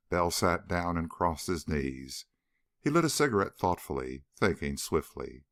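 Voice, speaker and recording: A male narrator reads a story aloud with expressive storytelling. His voice is very low and moves animatedly through pitch. The recording is dry and close. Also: a little slow, no room sound. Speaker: audiobook narrator. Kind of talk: scripted narration.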